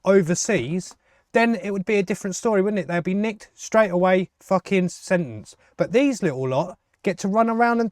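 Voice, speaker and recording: Brief: male vlogger, heated swearing rant, fairly high voice, dry close sound. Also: animated, normal speed, a little mellow, no room sound. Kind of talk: angry political rant to camera.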